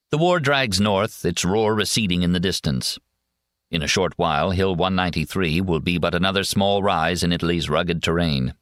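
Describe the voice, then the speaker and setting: A man narrating a war memoir audiobook in a steady, measured first-person reading. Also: low voice, dry recording, clean studio sound.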